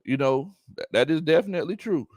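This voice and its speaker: A man's voice: on the high side, expressive, fairly quick, a little mellow, no room sound, clean studio sound. A man hosting a live sports chat, reading viewer comments, teasing his audience and laughing often. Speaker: sports talk host.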